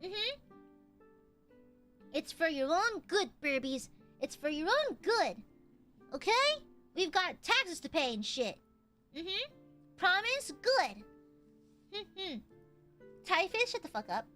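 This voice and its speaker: A woman streamer chatting casually with her audience, excitable and profane, often shouting and laughing. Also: extremely high pitch, slow, pauses often, faint music behind. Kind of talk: casual live-stream chat.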